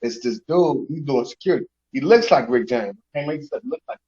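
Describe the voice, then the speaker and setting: A man's voice: mid-range voice, fairly quick. A man hosting a casual chat, telling stories in street slang and acting out the people he quotes. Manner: animated storyteller, raunchy slang, acts out quotes. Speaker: show host. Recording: slightly dull lo-fi recording.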